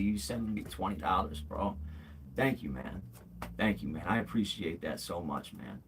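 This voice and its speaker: A man's voice: deep voice, lively intonation, moderate pace, slight background noise. A man in his forties hosting a livestream, talking candidly in a rambling way, with many fillers and restarts, calling viewers bro and man. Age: 40s. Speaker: livestream host. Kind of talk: casual livestream chat.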